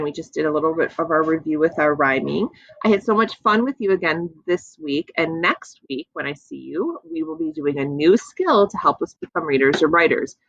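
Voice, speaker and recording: A woman teaching young children an early reading lesson, slowly sounding out letters with playful asides. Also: low-pitched, a bit bright, dry recording, lo-fi sound.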